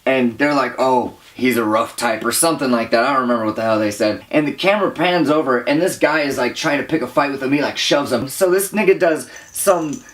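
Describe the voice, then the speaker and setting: A man's voice: mid-range voice, brisk, hardly any pauses. A young man giving a casual movie review, rambling with lots of fillers, exasperated and often laughing. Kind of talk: casual profane movie rant.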